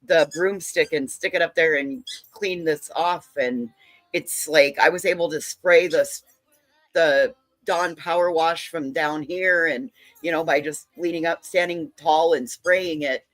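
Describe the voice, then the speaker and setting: A woman's voice: sits low, dry recording. A middle-aged woman guest chatting casually and rambling animatedly on a livestream panel. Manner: animated, rambling, quick asides. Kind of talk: casual chat.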